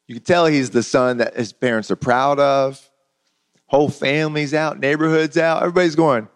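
A man's voice: on the high side, normal speed. A man preaching a sermon in a conversational, storytelling way, often repeating words as he goes. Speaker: pastor.

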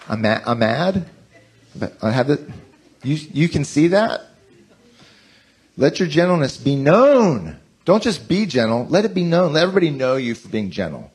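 A man in his forties preaching a conversational sermon, telling self-mocking stories in an animated way. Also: medium pitch, slightly rough. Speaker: pastor.

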